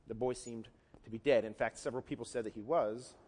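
Male pastor, mid-pitched, conversational sermon with acted-out quotes, large echoing church. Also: fairly even intonation, brisk, a little mellow, husky. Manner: conversational, acts out quotes in varied voices. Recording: long hall reverb.

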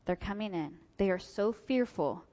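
A woman speaks to an audience at a mid-range pitch, telling a personal story. She acts out what people said to her. Her voice carries a long hall reverb. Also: animated, normal speed, dark tone.

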